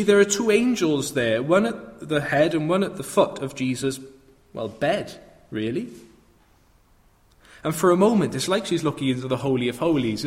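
Reflective male preacher in a reverberant church. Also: fairly high pitch. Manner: reflective, with rhetorical questions. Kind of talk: sermon.

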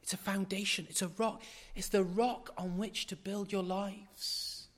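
A middle-aged man preaching in a church, his fairly high voice carrying with a long hall reverb. He is emphatic and drives his points home by repeating phrases. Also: fairly even intonation, measured pace. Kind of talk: sermon.

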